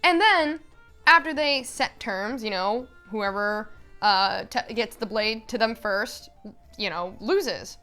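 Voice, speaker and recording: A woman vlogger chatting casually and recapping a story in an animated way. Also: a little high, takes it slowly, clean tone, faint music behind. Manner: animated, chatty, full of fillers and laughs.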